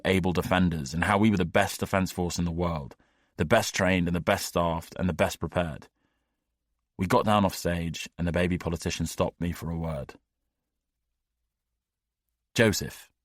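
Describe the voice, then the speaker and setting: A man reading an audiobook in the first person, measured and wry. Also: low-pitched, dry recording, studio quality. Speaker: audiobook narrator. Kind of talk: scripted audiobook narration.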